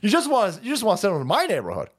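A man hosting a stream, delivering a loud, profane, mocking political rant. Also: high-pitched, huge pitch swings, rapid-fire, husky. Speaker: streamer host. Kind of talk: ranting political commentary stream.

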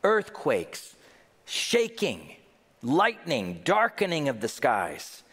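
A man's voice: on the high side, huge pitch swings, takes it slowly, fairly bright tone, slightly rough, big-room sound. A man preaching a sermon, asking rhetorical questions and joking with his congregation. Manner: jokes with the congregation. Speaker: pastor.

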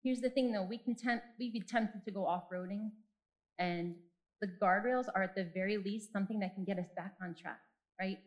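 A woman in her forties gives a personal faith talk, candid and self-deprecating as she shares stories from her own life. Her voice is mid-range and a little fast, and the recording is rough.

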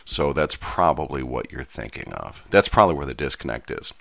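A man's voice: a bass voice, sing-song, brisk, vocal fry, hardly any pauses, a bit bright, no echo, studio quality. A man hosting a casual show, reading out contract text and chatting about it in a self-deprecating way. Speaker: host.

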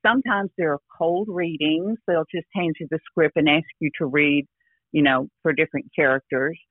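An older actress chatting casually as an interview guest over a phone line, rambling with restarts and frequent "you know". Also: female voice, sits low, moderate pace, no room sound. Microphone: phone call.

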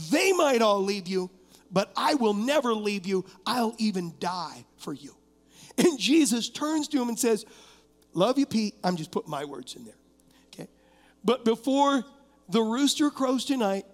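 A man delivers an impassioned sermon from the pulpit. His voice sits unusually high, and he keeps turning to the congregation with direct questions. Long reverb from the church sanctuary trails every phrase. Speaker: pastor.

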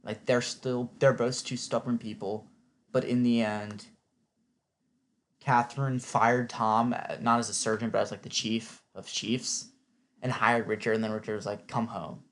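A man's voice: medium pitch, little pitch movement, unhurried. A man giving a casual, opinionated spoken recap, chatty and filling his talk with "like". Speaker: TV recap vlogger.

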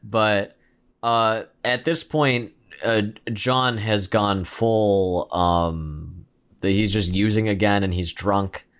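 A man's voice: fairly low pitch, steady tone, slow pace, fairly bright tone, smooth. A man co-hosting a movie review podcast, chatting casually and acting out scenes with quoted voices. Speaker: podcast co-host.

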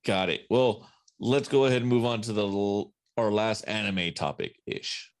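A man with a low voice running a casual podcast and moving the talk along. He slips in self-deprecating jokes as he goes. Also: moderate pace. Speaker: podcast host.

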